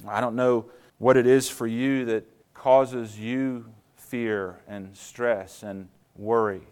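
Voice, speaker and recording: A man preaching a sermon as a pastor, earnest and storytelling, slowing down and speeding up for emphasis. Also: medium pitch, fairly even intonation, darkish tone, clear, resonant tone. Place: church.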